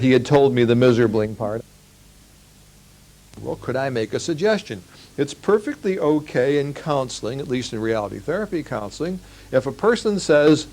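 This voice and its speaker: A man's voice: medium pitch, darkish tone, low-quality recording. An older man giving a live lecture, telling stories and acting out the quoted lines. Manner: storytelling, acts out quoted lines. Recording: old 1980s lecture tape.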